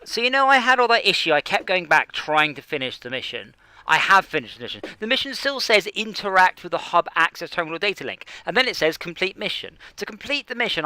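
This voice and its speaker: In a dry, smooth recording, a high-pitched man with a bright, forceful tone streams a space game. He rambles casually, makes fun of himself, and talks to himself as he plays.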